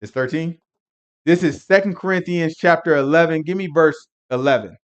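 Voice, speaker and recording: A man teaching a Sabbath Bible lesson in an animated, rambling way, laughing often and breaking into emphatic asides. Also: on the high side, moderate pace, muffled recording.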